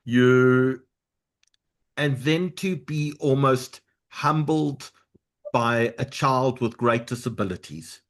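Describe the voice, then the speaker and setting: A man's voice: mid-range voice, slow pace. A man hosting an interview, speaking in a conversational, reflective way. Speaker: host.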